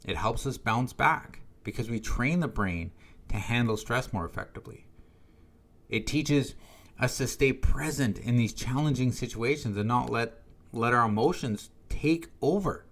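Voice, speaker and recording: A man's voice: medium pitch, measured pace, fairly bright tone. A man hosting a podcast for first responders, talking through mindfulness in a casual, coaching tone and often checking in with "right?". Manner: conversational, often adds "right?" as a tag. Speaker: podcast host. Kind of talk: casual spoken coaching monologue.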